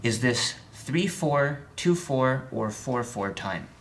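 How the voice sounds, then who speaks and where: A man teaching a music theory lesson, chatty and a little wry, often checking in with the viewer and counting beats out loud with hard accents on the downbeat. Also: mid-range voice, lively intonation, takes it slowly, heavy background noise. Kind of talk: recorded video lesson.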